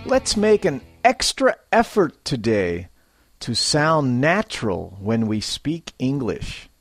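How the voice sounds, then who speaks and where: A man teaching English in a scripted lesson, speaking clearly and acting out example sentences to show intonation. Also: mid-range voice, sing-song, takes it slowly, soft background music. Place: Japan.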